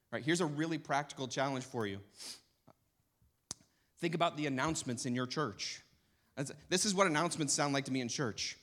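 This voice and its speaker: An emphatic man giving a teaching talk to church leaders. His voice sits at an ordinary pitch and keeps building toward urgent intensity. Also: a bit bright.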